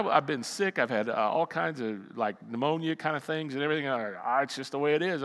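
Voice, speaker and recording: A middle-aged male pastor preaching a sermon, telling a personal story with animated swings between loud outbursts and quiet asides. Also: medium pitch, a little fast, few pauses, in a large hall.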